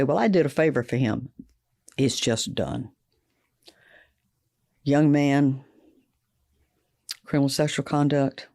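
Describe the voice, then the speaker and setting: A man giving indignant, deliberate commentary in an interview. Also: medium pitch, a little mellow.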